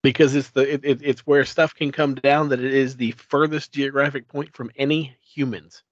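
A man's voice: medium pitch, fairly even intonation, moderate pace, no room sound. A man co-hosting a podcast, explaining things eagerly with stammering restarts. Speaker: podcast co-host. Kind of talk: casual chat. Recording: dull lo-fi sound.

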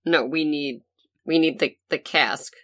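A woman playing a tabletop game who talks quickly and apologetically, with many yeahs. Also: low voice, a bit bright, dry recording. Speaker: player. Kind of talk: tabletop role-play chat.

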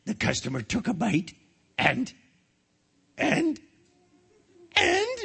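A man voicing a gruff male crab restaurant owner in an overwrought, pirate-like growl, read aloud from a storybook. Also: very high voice, wildly swooping pitch, slow pace, pushed and bright, pitched above the performer's own voice, exaggerated voice. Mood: choking up.

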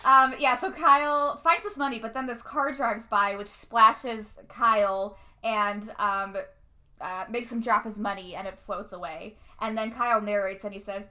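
A woman's voice: on the high side, steady tone, unhurried, bright, forceful tone. A woman co-hosting a casual chat, recapping a movie with frequent laughs and playful quoting of the characters. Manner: chatty, laughs often, quotes characters playfully. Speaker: podcast co-host.

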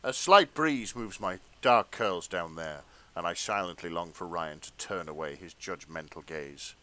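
A man's voice: low-pitched, pushed and bright. Giggly man reading fanfic aloud. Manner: reads slowly, often breaking into laughter. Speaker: podcast co-host and reader. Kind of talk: comedic dramatic fanfic reading.

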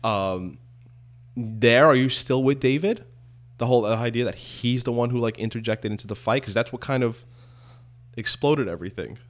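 A man's voice: mid-range voice, moderate pace. A man co-hosting a casual podcast chat, rambling and questioning with many restarts. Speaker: podcast co-host.

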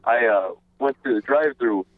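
A man's voice: mid-range voice, normal speed, dry recording. A man calls in over a tinny, phone-thin line that sounds dry and close. He rambles through a comic story, circling back and apologizing over and over. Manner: meandering, overly apologetic storytelling. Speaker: caller.

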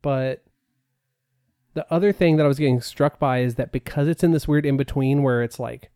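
A man's voice: mid-range voice, normal speed, dark tone, smooth, dry recording, studio quality. A man co-hosting a podcast, talking casually with many fillers and restarts. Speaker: podcast co-host. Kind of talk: casual chat.

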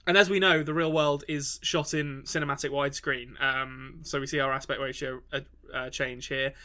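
A man's voice: medium pitch, little pitch movement, normal speed, bright, forceful tone. A man co-hosting a podcast in casual chat, talking with frequent fillers and restarts. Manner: hesitant, many restarts and fillers. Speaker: podcast co-host.

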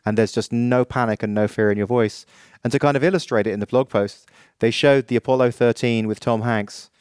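A man co-hosting a podcast who talks in a relaxed, thoughtful way during casual conversation. His voice has a medium pitch and a dry, close sound. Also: brisk, clean tone, dry recording. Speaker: podcast co-host. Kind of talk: casual chat.

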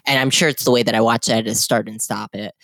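A man's voice: medium pitch, fairly even intonation, rapid-fire, creaky, fairly bright tone, dry recording. A man co-hosting a casual film discussion, chatty and opinionated, with frequent fillers and restarts. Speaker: podcast co-host.

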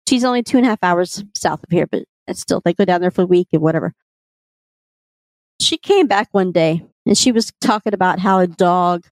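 A woman with a Texan accent, co-hosting a casual podcast and telling stories in a chatty, quick way. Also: on the low side, a little mellow, no room sound. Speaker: podcast co-host.

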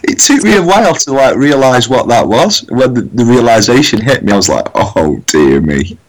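A man's voice: mid-range voice, sing-song, a little fast, rough recording. An English man on a podcast as a guest, trading dry, crude banter in casual chat.

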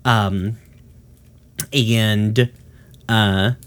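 A man's voice: fairly low pitch, steady tone, very slow, clean tone. A man casually retelling a cartoon episode in a rambling way, with lots of fillers and the odd swear word.

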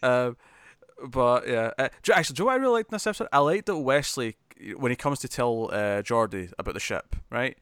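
A man's voice: medium pitch, expressive, quick pace, a bit bright, clean tone, dry recording, clean studio sound. A man chatting casually as a podcast co-host, laughing and acting out characters' lines as he recaps an episode.

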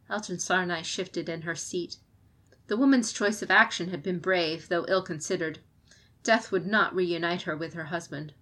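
Woman narrator, audiobook reading, steady storytelling pace, scripted narration. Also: fairly low pitch, normal speed.

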